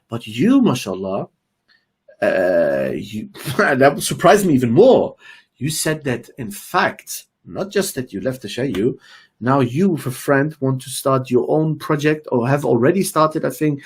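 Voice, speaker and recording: A man's voice: medium pitch, breathy edge. A man hosting an online interview, talking in an emphatic, exhorting way and dropping in Arabic phrases. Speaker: interviewer and channel host.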